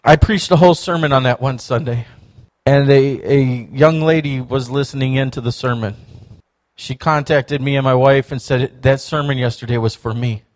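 This man, a pastor, speaks at medium pitch and normal speed while preaching in church. His sermon runs on storytelling, lively delivery, and acted-out voices for the people he quotes.

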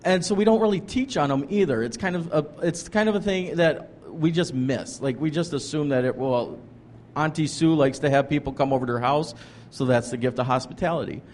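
Earnest rambling pastor, slightly high voice. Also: male voice, a little fast, a little mellow, a little hiss or hum. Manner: earnest, rambling, frequent restarts and "like" fillers. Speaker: pastor and ministry leader, guest. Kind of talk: casual conversational storytelling.

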